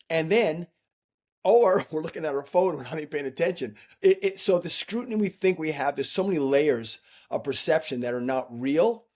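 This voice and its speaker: A man's voice: on the high side, expressive, fairly quick, a little mellow. A man speaking as an interview guest, telling reflective stories and acting out the voices he quotes, with frequent restarts. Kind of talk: reflective conversational storytelling.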